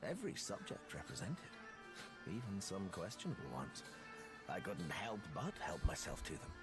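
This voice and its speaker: Roaming scholar-adventurer, wistful storyteller, low voice, very lively pitch, game dialogue over music. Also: male voice, moderate pace, exaggerated voice. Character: wandering male scholar adventurer, restless.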